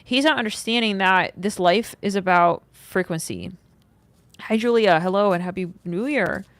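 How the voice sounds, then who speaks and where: A young woman giving a casual livestream tarot reading, talking in an animated way with lots of "like", swearing and sudden outbursts. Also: mid-range voice, moderate pace, no echo. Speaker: tarot reader.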